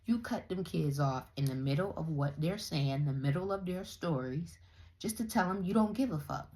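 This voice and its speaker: A young woman vlogger ranting in a blunt, profane, animated way as she comments on other creators. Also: low voice, moderate pace. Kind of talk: casual commentary rant.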